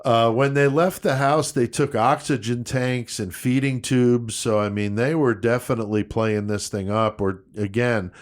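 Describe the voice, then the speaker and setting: A man co-hosting a casual true-crime podcast. His voice sits at a middle pitch. He lays out the facts in a loose, profane, conversational way. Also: fairly even intonation, normal speed, hardly any pauses. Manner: laid-back, profane, recounting case details. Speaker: podcast co-host.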